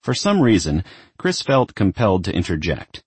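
Deep, husky male audiobook narrator. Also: big pitch swings, moderate pace, dry recording.

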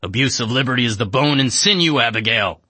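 A man's voice: mid-range voice, expressive, brisk, sharp tone, husky, dry recording, pitched above the performer's own voice, heavily acted. A man voicing a hulking lab-made male monster who grunts out lofty slogans. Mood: grunting. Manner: grunting, bellowing.

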